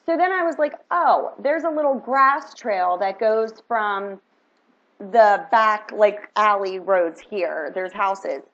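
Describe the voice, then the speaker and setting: A middle-aged woman telling a story in a casual, animated vlog, chatty and full of "like" and "right?". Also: medium pitch, slow. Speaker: vlogger. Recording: dull lo-fi recording.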